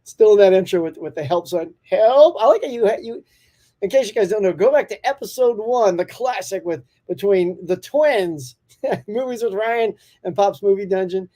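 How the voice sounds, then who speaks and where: A man's voice: high voice, moderate pace, dark tone. A man hosting a casual morning live-stream chat, upbeat and talkative, laughing often as he reads out and answers viewer comments.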